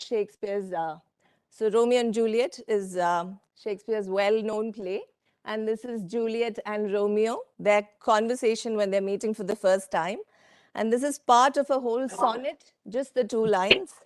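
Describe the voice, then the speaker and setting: A woman giving a workshop presentation from slides, speaking in a measured way with frequent fillers and asides to the audience. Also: medium pitch, no echo, studio quality. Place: conference room.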